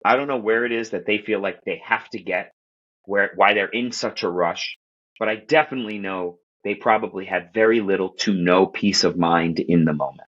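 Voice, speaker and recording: Podcast guest, a man from Queens, New York, telling lively casual stories in a slightly low voice, muffled sound. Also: moderate pace. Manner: animated, profane, acts out quoted voices. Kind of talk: casual storytelling chat.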